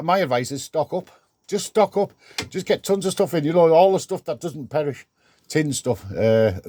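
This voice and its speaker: A man's voice: mid-range voice, a little mellow, dry recording, studio quality. An older man vlogging from his garden shed workshop, rambling chattily with restarts as he talks to camera. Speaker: DIY vlogger. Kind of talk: casual vlog.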